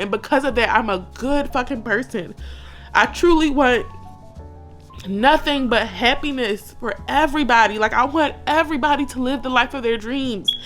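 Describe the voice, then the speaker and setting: A woman's voice: fairly high pitch, fairly bright tone. A woman in her thirties talking candidly and emotionally in a personal vlog, blunt and swearing often. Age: 30s. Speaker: vlogger.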